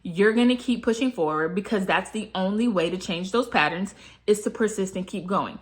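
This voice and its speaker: A woman's voice: mid-range voice, moderate pace. A woman talking casually to camera as a manifestation coach. She asks many rhetorical questions and fills her talk with "like" and "you know".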